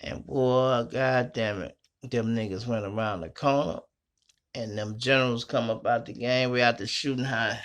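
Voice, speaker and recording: A middle-aged man hosting his own show from a small home studio, telling stories in a slangy, profane, animated way. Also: mid-range voice, normal speed. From Chicago. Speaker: host. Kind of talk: casual storytelling monologue.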